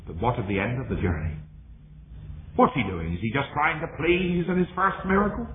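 A man preaching a sermon, swinging between high exclamations and hushed low tones. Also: brisk. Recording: tinny lo-fi recording in an echoey hall with faint hiss.

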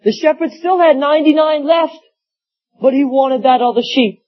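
A man's voice: very high-pitched, moderate pace. A man preaching a sermon, telling folksy stories with acted quotes. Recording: dull lo-fi sound.

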